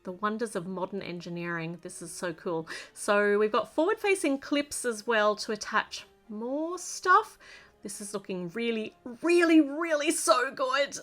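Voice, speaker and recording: A woman's voice: medium pitch, animated, moderate pace, fairly bright tone, soft background music. An Australian woman narrating a LEGO build in a chatty, gushing way, praising each step as she goes.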